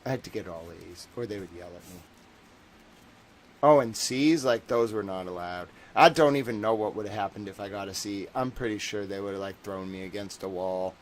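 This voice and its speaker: A man's voice: on the low side, moderate pace, a little hiss or hum, low-quality recording. A young man hosting a livestream, talking casually and rambling, full of fillers and little acted-out voices. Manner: rambling, jokey, many fillers, acts out voices. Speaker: livestream host.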